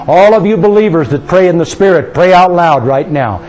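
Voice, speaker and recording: A man with a high, light voice leads a charismatic prayer session. He talks fervently and intimately, coaxing his listeners to pray out loud. At times he drops into soft, slow speaking in tongues. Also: lively intonation, dull audio, slight background noise. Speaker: minister leading prayer.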